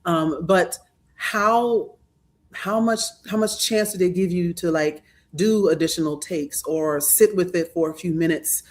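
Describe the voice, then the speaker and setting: A woman's voice: fairly low pitch, measured pace. A woman moderating a panel, chatty and inquisitive as she asks questions. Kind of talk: casual panel chat.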